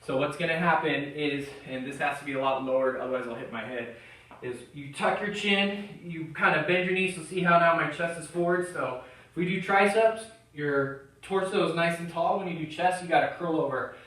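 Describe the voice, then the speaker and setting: A man's voice: a little high, normal speed, bright, forceful tone. A male fitness trainer demonstrating chest dips, giving coaching cues and encouragement, a little out of breath. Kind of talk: exercise tutorial demonstration. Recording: very echoey gym from far off.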